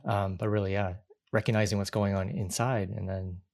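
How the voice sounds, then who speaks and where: A man's voice: on the low side, fairly even intonation, a little fast, gravelly, a little mellow. A man in his forties hosting an interview, talking in a reflective way and often restarting his sentences. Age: 40s. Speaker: podcast host. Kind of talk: conversational interview.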